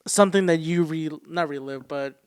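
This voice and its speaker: Laid-back man with a clear voice. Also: fairly high pitch, moderate pace, no room sound, clean studio sound. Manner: laid-back, chiming in with short agreements. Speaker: podcast co-host. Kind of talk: casual chat.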